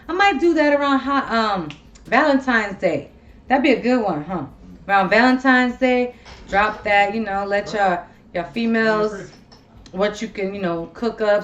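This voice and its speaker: On slightly muffled audio, a woman with a somewhat high voice hosts a casual talk show. She chats bluntly and with lots of energy, swearing freely throughout.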